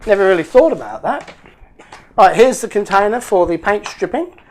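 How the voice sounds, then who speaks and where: A man's voice: sits high, lively intonation, moderate pace, a little hiss or hum. A man hosting a casual unboxing video, chatty and jokey, thinking aloud as he opens parcels. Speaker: YouTube hobby channel host.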